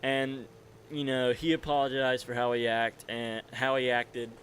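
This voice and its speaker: A nineteen-year-old man speaks into a desk mic with a medium-pitched, slightly bright voice, flat and measured. He laughs often while telling a rambling, profane gaming-channel story, with slight background noise behind him.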